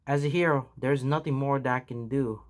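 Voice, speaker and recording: A man voicing a weary, solemn older mentor hero in a fan fiction reading, speaking slowly and gravely. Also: mid-range voice, steady tone, close to an everyday voice. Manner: grave, slow and deliberate.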